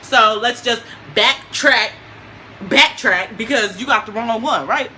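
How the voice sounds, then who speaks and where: A young woman telling a story in a casual vlog, animated and slangy, laughing often. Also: fairly high pitch, takes it slowly, slight background noise, rough recording.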